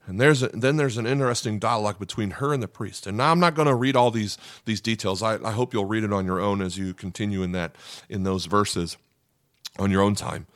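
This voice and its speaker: A man's voice: mid-range voice, a bit bright, no echo. Earnest preaching man, dry sound. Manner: earnest, emphatic preaching with frequent "okay?" asides. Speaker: pastor. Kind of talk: sermon.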